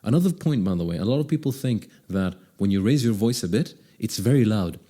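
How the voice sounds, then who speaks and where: A young man giving a casual video lesson on speaking, demonstrating examples by changing his pitch and pace and checking in with the viewer often. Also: lively intonation, brisk, mellow. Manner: conversational with frequent check-ins. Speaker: voice coach.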